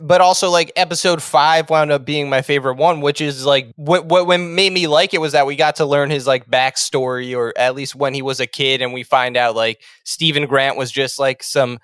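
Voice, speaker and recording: A man co-hosting a casual podcast, chatty and quick to laugh, often steering the talk with questions. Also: medium pitch, steady tone, fairly bright tone, smooth, no room sound, clean studio sound. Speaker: podcast co-host. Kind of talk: casual chat.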